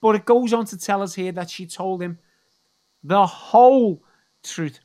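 A preacher giving a sermon in a deliberate, emphatic way, repeating key words for weight. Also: medium pitch, warm tone.

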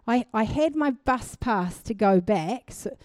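Woman, young adult, sermon, testimony storytelling, fervent, bright-pitched, very lively intonation, dry recording. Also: measured pace, no echo. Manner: animated storytelling testimony, rising to fervent exhortation. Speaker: preacher. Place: church.

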